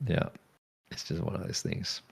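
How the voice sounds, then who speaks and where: Deep gravelly man in his fifties. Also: little pitch movement, moderate pace. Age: 50s. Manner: easygoing, laughs often, rambling asides. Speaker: game streamer. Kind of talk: casual gaming chat.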